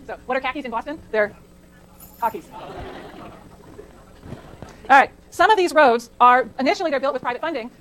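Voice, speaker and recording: A woman's voice: high-pitched, slight background noise, low-quality recording. A middle-aged woman from California giving a chatty classroom lecture, digressing into anecdotes and asking the class questions. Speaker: college lecturer. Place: lecture hall.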